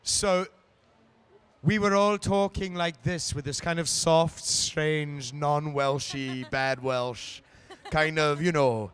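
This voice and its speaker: A man who is an actor guest, telling anecdotes in a lively way in a convention interview and slipping into silly voices. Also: fairly high pitch, slow pace, clear, resonant tone. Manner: animated storyteller, slips into silly voices. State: tired, short on sleep.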